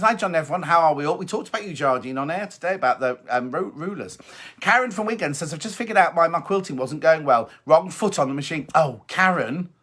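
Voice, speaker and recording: A man's voice: on the high side, sharp tone. A middle-aged man hosting a casual live stream, chatty and teasing as he reads out viewers' messages. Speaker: host.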